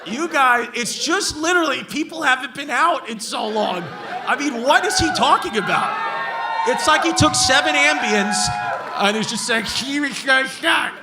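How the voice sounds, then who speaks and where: Brash high-voiced stand-up comedian. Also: male voice, animated, moderate pace. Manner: brash, profane, mocking hecklers. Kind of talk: stand-up crowd work. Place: large comedy club before a live audience. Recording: live club recording with crowd noise. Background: crowd laughing.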